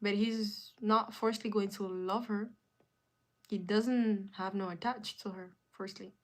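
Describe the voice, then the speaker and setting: A woman's voice: mid-range voice, fairly even intonation, unhurried. A woman hosting a live stream in casual chat, answering viewer comments with emphatic, repeated phrases.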